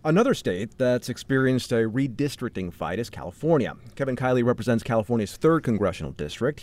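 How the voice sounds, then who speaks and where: A male radio news host introducing and interviewing a guest with lively, animated questioning. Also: mid-range voice, no echo.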